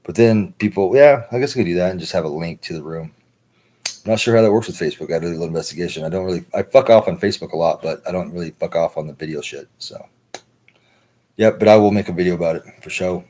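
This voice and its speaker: A low, husky-voiced American man talks on a livestream in a loose, meandering monologue. He swears freely and keeps tacking "right?" onto his sentences. His deep, slightly raspy tone stays relaxed and conversational. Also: fast talker. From United States. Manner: loose, profane, repeats "right?". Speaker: livestream host. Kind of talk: rambling casual monologue.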